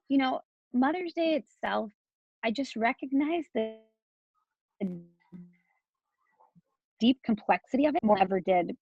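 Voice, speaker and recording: A woman's voice: fairly high pitch, no room sound, dull audio. A woman from Texas in her thirties, speaking as an interview guest in a loose, candid flow full of "like" and restarts.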